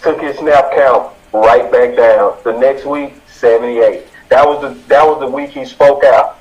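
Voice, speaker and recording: A man co-hosting a sports talk show, laying out statistics in a measured way. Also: medium pitch, fairly even intonation. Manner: stat-heavy, measured. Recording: dull lo-fi audio.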